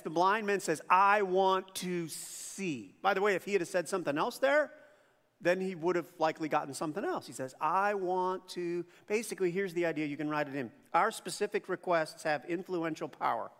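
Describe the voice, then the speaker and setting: High-voiced pastor preaching in a hall. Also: male voice, fast. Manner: conversational, animated storytelling with acted-out quotes. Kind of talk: sermon. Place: church auditorium.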